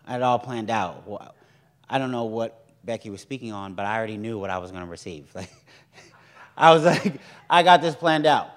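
A young man preaching a sermon in a lively, joking way, acting out the voices of others. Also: fairly low pitch, a little fast.

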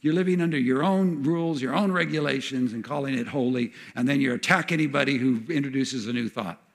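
A man preaching a sermon in an animated way, acting out the voices of the people he quotes. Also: medium pitch, brisk, gravelly. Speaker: pastor.

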